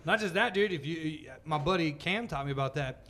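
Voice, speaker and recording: A man's voice: a little high, fairly quick, a bit bright. A man in casual chat, telling stories full of swearing and laughter. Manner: profane, laughing storyteller.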